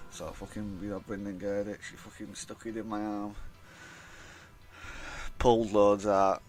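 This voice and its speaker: A young man with a fairly low voice tells a long personal story in a loose, rambling vlog style. He swears freely and slips into the voices of the people he quotes. Faint music plays softly behind him. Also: level tone, moderate pace. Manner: rambling, swears a lot, acts out quoted dialogue. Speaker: vlogger. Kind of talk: casual storytime monologue.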